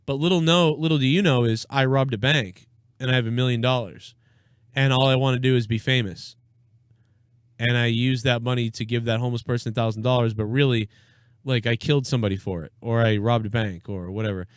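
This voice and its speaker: A man's voice: medium pitch, fairly even intonation, a little fast, clean tone, dry recording. Give me a blunt, sarcastic young man hosting a live reaction show, in a dry room. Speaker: live-stream show host. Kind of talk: casual political reaction stream.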